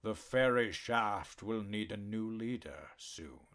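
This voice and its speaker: A man voicing a huge, menacing male black cat warlord in an audiobook, speaking slowly in a deep, quiet near-whisper that drops to a growl. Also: expressive. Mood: quietly menacing. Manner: slow, soft-spoken threats, growling.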